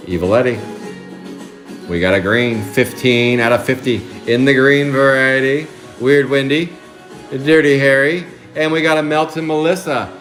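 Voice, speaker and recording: A man hosting a live trading card break, chatting excitably and calling out card names. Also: mid-range voice, normal speed, soft background music.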